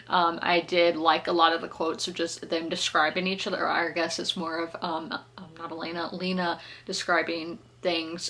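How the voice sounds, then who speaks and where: A woman's voice: on the low side, fairly bright tone. A woman, chatting casually through a book review, laughing often and correcting herself as she goes. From South Carolina, US. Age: 20s. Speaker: book vlogger.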